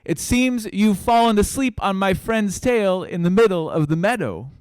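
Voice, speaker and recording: A man voicing a polite, helpful little male mouse in a told story, sometimes shouting up high and stretched out. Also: big pitch swings, moderate pace, dry recording. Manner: shouts upward, high and drawn out.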